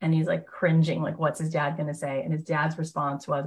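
Gushing, chatty woman coach, fairly low voice. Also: level tone, fairly quick. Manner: gushing, enthusiastic storytelling; chatty, heavy use of fillers like "like". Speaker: motivational host and coach. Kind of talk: live motivational workshop talk.

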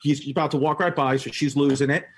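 Talking fast, this comedian, a podcast guest, recounts a story with plenty of animation and frequent laughter. Quoted voices send his pitch jumping higher, all within casual conversation.

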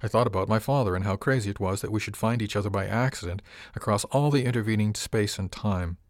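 A man reading a first-person novel as an audiobook, measured and even. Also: lowish voice, dry recording, clean studio sound. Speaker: audiobook narrator.

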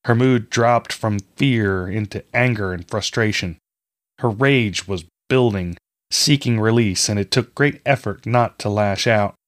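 Low-voiced man narrating a fantasy tale. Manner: measured storytelling, reading all parts himself. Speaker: audiobook narrator.

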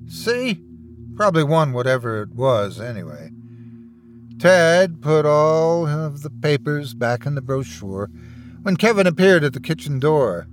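A man narrating a horror tale with dramatic, suspenseful delivery, his pitch rising and falling in a very lively way. Faint music plays softly beneath his scripted storytelling. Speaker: horror podcast host and narrator.

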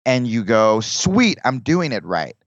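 A man's voice: on the low side, normal speed, a bit bright, no echo. Comedian guy rambling on a podcast, keeps restarting, dull lo-fi mic. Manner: rambling, restarts, acts out quoted lines. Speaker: comedian guest. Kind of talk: casual podcast chat.

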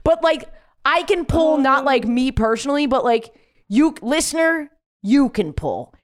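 A comedian woman co-hosting a podcast, chatting casually and swearing as she tells animated stories. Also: high voice, measured pace. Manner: animated storyteller, swears freely. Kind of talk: casual chat.

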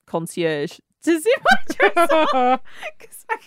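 A woman's voice: high-pitched, wildly swooping pitch, slow, background noise. Easygoing woman laughing along. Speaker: podcast co-host. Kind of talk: casual comedic chat.

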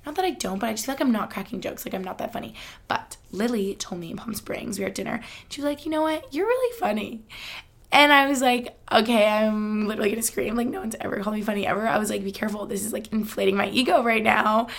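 Chatty young woman with vocal fry. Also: medium pitch, fast. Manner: chatty, filler-heavy, upbeat and giggly. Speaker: podcast host. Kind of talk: casual chat.

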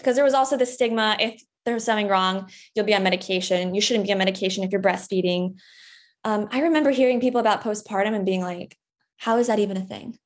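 A young woman as a podcast guest, talking candidly in casual chat and acting out her own past lines in a higher voice, with lots of "like.". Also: quick pace. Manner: candid and chatty, acts out past dialogue in a higher voice.

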